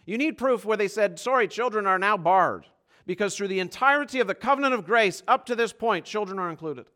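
A man preaching a sermon, swinging between loud, urgent passages and low, quiet ones, and slowing right down on key phrases. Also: animated. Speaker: pastor.

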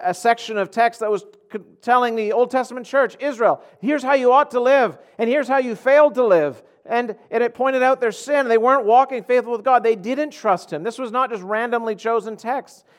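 Male pastor, higher-pitched voice, earnest sermon delivery that swings between hushed and emphatic. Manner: earnest preaching, shifting between soft low passages and raised emphatic ones.

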